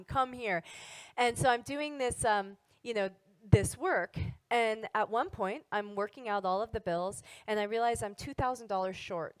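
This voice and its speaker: A woman who teaches wellness, telling a personal story to an audience in an animated, casual way. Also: mid-range voice, no echo, low-quality recording.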